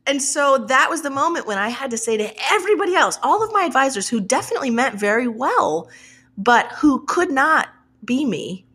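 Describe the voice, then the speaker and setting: A woman author, a guest on a podcast, telling stories in a casual, animated, sweary way and laughing often. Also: high voice, brisk, husky. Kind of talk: casual interview chat.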